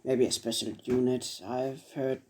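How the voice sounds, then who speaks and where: A man's voice: medium pitch, flat delivery, unhurried, a little mellow, a little hiss or hum, natural voice. A young man voicing a hesitant emperor. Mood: earnest. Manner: hesitant, filler-heavy. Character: plain-spoken male emperor recruiting.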